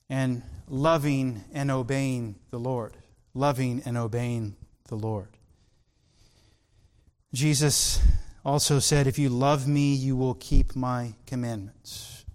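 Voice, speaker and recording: A man preaching a sermon in an earnest, emphatic way, drawing out key words slowly. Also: mid-range voice. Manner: earnest, emphatic, with slow drawn-out stresses.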